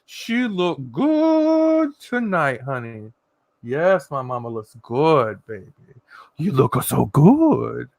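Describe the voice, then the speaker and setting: A man putting on the voice of an adoring husband, crooning compliments slowly in a low voice. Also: sing-song, creaky, darkish tone, dry recording, exaggerated voice. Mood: smitten.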